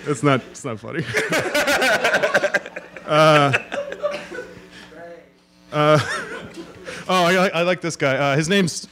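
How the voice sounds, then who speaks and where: A man guesting on a live comedy podcast, reading out jokes in a deadpan, rambling way. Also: a little high, slow pace, pauses often, noisy background. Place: live show venue with an audience.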